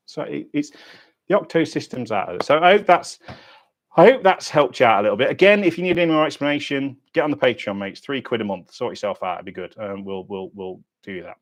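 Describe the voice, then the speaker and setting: A British man hosting a diving channel's livestream Q&A, talking bluntly in sweary, matey banter with lively swings in pitch and loudness. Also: a little fast. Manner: animated, lively ups and downs in pitch and loudness.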